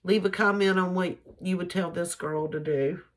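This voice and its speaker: A woman's voice: lowish voice, steady tone, normal speed. A middle-aged woman, chatting opinionated relationship advice to her followers in a casual vlog, laughing easily. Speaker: vlogger giving advice.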